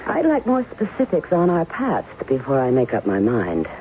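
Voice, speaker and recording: A cool, sharp-tongued skeptic. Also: female voice, a bass voice, huge pitch swings, normal speed, slight background noise, full character voice. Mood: guarded. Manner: cool, cutting. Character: guarded, sharp-tongued woman doubting a man who claims to be her husband. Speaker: radio drama actress. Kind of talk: 1970s radio drama acting. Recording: thin phone-like old radio broadcast with faint music.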